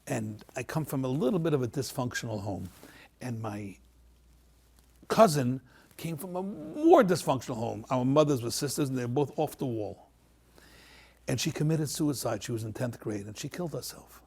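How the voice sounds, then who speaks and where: Gravelly, husky man telling a story. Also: medium pitch, normal speed. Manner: animated, repeats phrases, voices the people in his story. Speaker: panel guest. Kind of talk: emotional personal storytelling.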